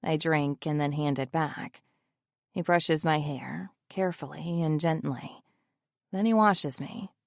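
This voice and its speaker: Gravelly low-voiced woman narrating romance. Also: slow pace, no echo, clean studio sound. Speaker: audiobook narrator. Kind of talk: first-person romance audiobook narration.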